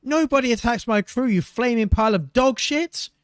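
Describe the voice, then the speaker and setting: A foul-mouthed pirate captain woman, brash and scornful, pitched well up high, as a man puts her on. Her voice is dry and close, with no room around it, and she snaps every line with cursing contempt. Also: lively intonation, brisk, dry recording, natural voice. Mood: furious. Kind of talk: reading a game book aloud with voices.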